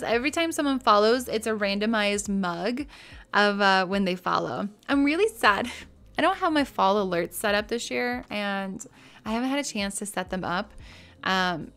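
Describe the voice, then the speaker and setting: A woman's voice: medium pitch, normal speed. Gushing woman streamer chatting at home. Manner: gushing and chatty, drifting between soft asides and excited squeals. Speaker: game streamer. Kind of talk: casual live-stream chat while playing. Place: her own room at home.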